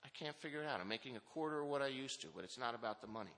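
A man's voice: medium pitch, animated, racing, a bit bright. Earnest man telling his recovery story. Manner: candid, earnest, many restarts. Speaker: recovery meeting speaker. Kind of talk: personal recovery testimony. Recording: long hall reverb.

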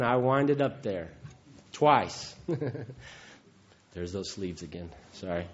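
A man's voice: medium pitch, darkish tone. A man gives a heartfelt, folksy personal testimony at a recovery meeting, often chuckling. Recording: dull lo-fi recording.

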